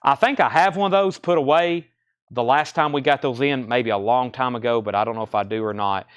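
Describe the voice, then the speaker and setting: A man hosting a live record sale, briskly calling out bids and prices, out of breath. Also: mid-range voice, clear, resonant tone, no room sound, highs cut off. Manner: brisk, matter-of-fact auctioneer patter. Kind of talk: live sales stream, rattling off prices.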